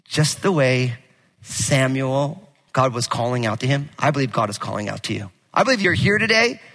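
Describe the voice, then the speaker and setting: A male pastor preaching a sermon with animated, casual storytelling and jokes. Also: mid-range voice, moderate pace. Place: church sanctuary. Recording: long hall reverb.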